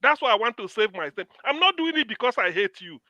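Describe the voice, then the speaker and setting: A Nigerian man arguing in a heated political debate, loud and emphatic, slipping into pidgin. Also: extremely high pitch, big pitch swings, quick pace, no echo. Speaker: panel guest.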